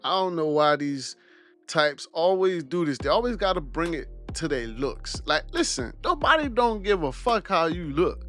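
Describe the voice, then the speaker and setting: A man's voice: fairly high pitch, big pitch swings, moderate pace, a bit bright, soft background music. A young man hosting a reaction video, giving blunt, preachy and mocking commentary.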